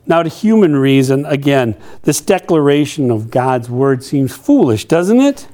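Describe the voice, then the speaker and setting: A man preaching a sermon, animated and playful, acting out quotes with humor. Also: mid-range voice, measured pace, few pauses. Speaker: pastor.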